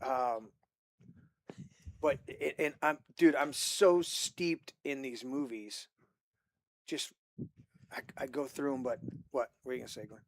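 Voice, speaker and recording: A man hosting a casual movie podcast, talking excitedly, swearing often and rambling with restarts. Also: mid-range voice, a little slow, long pauses. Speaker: podcast host.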